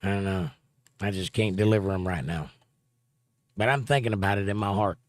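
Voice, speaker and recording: A man's voice: low-pitched, normal speed, dry recording, studio quality. A man hosting a livestream, casually reading viewer comments aloud and answering them. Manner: reads viewer comments aloud and chats back in a relaxed way. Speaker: livestream host.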